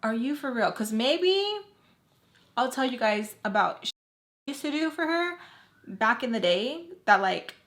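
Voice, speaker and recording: Young woman in her 20s doing a storytime, slangy and chatty, lotsa "like", kinda high voice. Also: takes it slowly, long pauses. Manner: animated, slangy retelling with many fillers. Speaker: storytime vlogger. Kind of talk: casual storytime while doing makeup.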